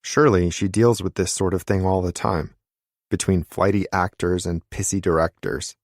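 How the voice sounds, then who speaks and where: A man narrating an audiobook in a measured, wry storytelling manner. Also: low-pitched, no echo, clean studio sound.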